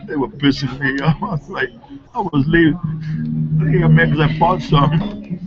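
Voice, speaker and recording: Man, rambling and profane, dull lo-fi recording, loud music underneath. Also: fairly high pitch, normal speed. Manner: jumpy, profane storytelling. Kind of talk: rambling monologue.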